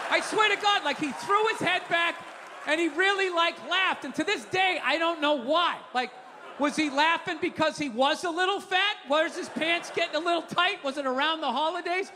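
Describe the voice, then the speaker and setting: A man's voice: very high-pitched, normal speed, crowd noise. A male stand-up comedian on a stage mic, telling profane, ranting stories in his own routine. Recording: reverberant hall with faint room noise.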